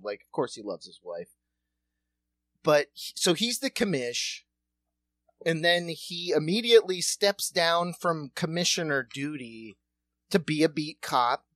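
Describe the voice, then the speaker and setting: A woman with a lowish, lively voice, co-hosting a comedy podcast. She laughs often, swears freely and tosses in mocking asides. The sound is dry and close. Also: a little slow, no echo. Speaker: podcast co-host. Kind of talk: casual comedic recap.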